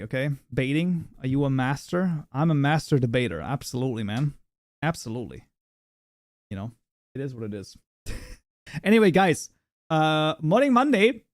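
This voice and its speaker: A man's voice: a little high, no echo, studio quality. Rambling, chuckling male streamer. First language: German. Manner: rambling, laughing often, many fillers and restarts. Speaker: livestream host. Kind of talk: casual live chat with viewers.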